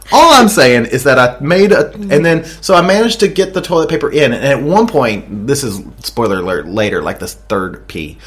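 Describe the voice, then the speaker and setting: An Australian man chatting into a desk microphone on a podcast, his pitch leaping up and down as he goes. He rambles through a crude story, swears freely and keeps cracking himself up. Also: huge pitch swings, unhurried, pauses often, fairly bright tone. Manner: crude, rambling storyteller who laughs at his own jokes. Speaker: podcast co-host. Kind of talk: casual chat.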